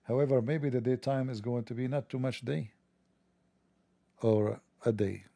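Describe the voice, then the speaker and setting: A man's voice: medium pitch, steady tone, unhurried, creaky, warm tone, dry recording. A man hosting a livestream, delivering a sarcastic, joking, mocking monologue. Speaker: livestream host.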